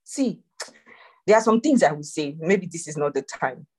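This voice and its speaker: A woman leading a church prayer call, preaching and joking with animated swings in voice. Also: low voice, moderate pace, breathy edge. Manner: animated, preachy, laughs and jokes. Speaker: prayer group leader. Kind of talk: testimony session on a call.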